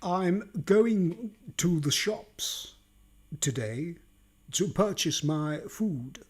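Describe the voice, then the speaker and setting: A man voicing a pompous upper-class Englishman with a posh English accent, speaking in a slow, drawn-out drawl. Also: high voice, lively intonation, darkish tone, breathy edge, exaggerated voice. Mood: haughty.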